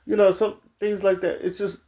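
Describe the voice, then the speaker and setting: A man's voice: high voice, flat delivery, normal speed, dark tone. A man giving casual opinion commentary straight to his viewers, blunt and profane, full of restarts and "like". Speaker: video commentator.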